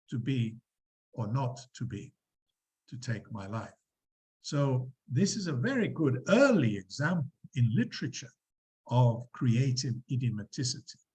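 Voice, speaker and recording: A man lecturing a university class, explaining examples with animated emphasis and quizzing students. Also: mid-range voice, poor audio. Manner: lively, quizzing students, acting out quotes.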